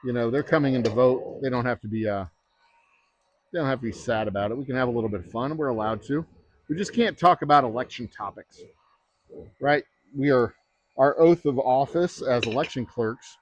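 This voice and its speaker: A man's voice: medium pitch, normal speed, poor audio. A man chatting casually on a livestream, rambling and joking with many fillers. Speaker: distillery owner livestreaming.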